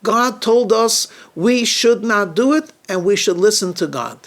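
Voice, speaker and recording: The stern first man of a sacred story, as a man puts him on, refusing with firm conviction. The voice is fairly high and the refusal comes out slow and deliberate. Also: animated.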